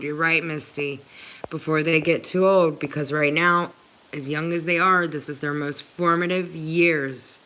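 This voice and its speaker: A woman's voice: low voice, fairly even intonation, a little slow, bright, forceful tone, rough recording. A woman hosting a live stream, answering viewers' comments in an earnest, pleading way and talking straight to them. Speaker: livestream host answering viewers.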